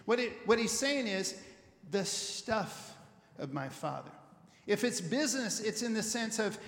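A male pastor giving a conversational sermon as an animated storyteller who repeats words while he thinks. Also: high voice, a little slow. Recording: echoey hall with long reverb.

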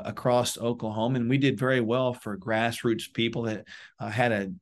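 A man talking through advice in an interview, his voice sitting in a middle register. He coaches with emphasis, often jumping up for key points before settling back. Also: medium pitch. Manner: emphatic, coaching tone with lively bursts. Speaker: police wellness guest.

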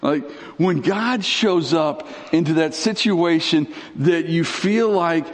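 Preaching slowly, a male pastor gives a sermon that's both conversational and dramatic, with big sweeps of pitch and bits of slang. A long reverb tail trails his words.

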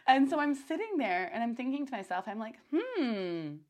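A young woman hosting her own podcast, talking in a loose, rambling monologue full of fillers and restarts, and getting animated when she retells her own thoughts. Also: sits high, fast talker. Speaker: podcast host.

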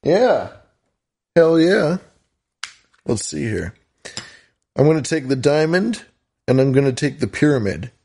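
A man's voice: a little high, big pitch swings, unhurried, gravelly, long pauses, dark tone, slightly rough. A man co-hosting a call-in podcast, rambling goofily in casual chat. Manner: goofy, rambling. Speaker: podcast co-host.

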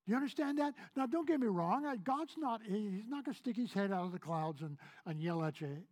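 A man from Kentucky preaching a sermon as pastor, asking the congregation questions and swinging between loud emphasis and soft, hushed lines. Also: extremely high pitch, big pitch swings, brisk, hardly any pauses.

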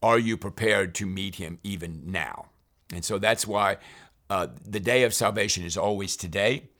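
Male priest with a somewhat low voice, earnest and unhurried, leading a Bible reading talk. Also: a bit bright. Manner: earnest, unhurried, reads scripture aloud.

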